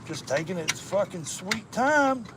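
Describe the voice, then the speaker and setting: A man's voice: sits high, very animated, measured pace, background noise. Rambling, cussing man with a slight lisp. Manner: swears freely, rambling and joking, talks to live viewers. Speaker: motorcycle vlogger. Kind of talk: casual chat while wrenching.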